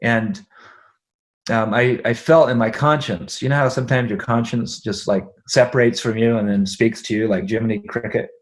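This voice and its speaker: A middle-aged man, a guest in an interview, telling a personal family story in an animated way, laughing along and checking in with his listener. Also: medium pitch, normal speed.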